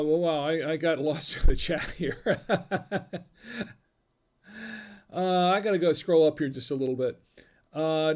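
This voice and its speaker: A man's voice: a little high, a little mellow. A man hosting a casual livestream while drinking wine, tipsy, rambling as he reads the chat aloud and chuckling often. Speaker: livestream host. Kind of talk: casual live-stream chat.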